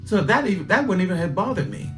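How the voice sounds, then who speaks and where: A middle-aged man hosts a livestream, speaking in a high, expressive, slightly bright voice at a quick pace. He tells a casual personal story in a folksy way, repeating his life lessons emphatically. Faint guitar music plays behind him.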